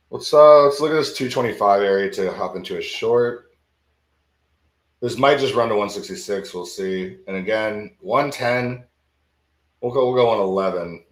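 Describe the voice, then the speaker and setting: A man's voice: on the low side, echoey room. A man hosting a live trading stream, talking casually and thinking aloud, often repeating his words. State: sleepy, yawning. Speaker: livestream futures trading host.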